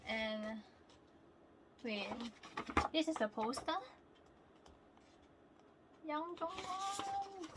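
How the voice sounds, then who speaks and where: A young woman vlogging casually while unboxing albums, excitable and prone to laughing squeals. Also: mid-range voice, very noisy.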